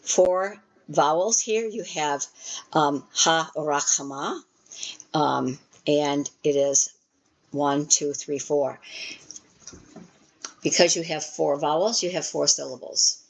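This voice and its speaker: A woman teaching an introductory Hebrew class from a textbook, explaining step by step and filling pauses with "um". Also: deep voice, creaky, low-quality recording. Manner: frequent "um" fillers, patient step-by-step explaining.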